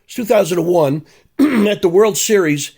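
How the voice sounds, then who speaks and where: Older male commentator, profane sarcastic rant, somewhat high-pitched. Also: lively intonation, moderate pace, gravelly, darkish tone, husky. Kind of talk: ranting monologue.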